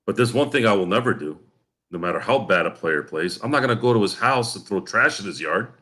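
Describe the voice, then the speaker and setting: A man's voice: lowish voice, lively intonation, brisk, pushed and bright. A man co-hosting a sports podcast, ranting bluntly and with profanity, repeating himself as he gets worked up. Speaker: podcast co-host. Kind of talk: heated casual podcast rant.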